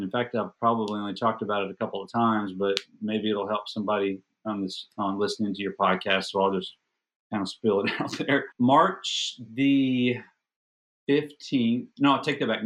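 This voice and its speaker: A middle-aged man, a podcast guest, telling a personal story in a casual, animated, self-deprecating way and doubling up words when excited. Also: mid-range voice.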